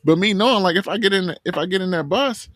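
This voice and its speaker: A man telling a story as an interview guest, animated and full of "like" fillers. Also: sits high, fast talker, dry recording, clean studio sound. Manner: animated, filler-heavy with frequent "like". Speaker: guest, marathon runner and coach.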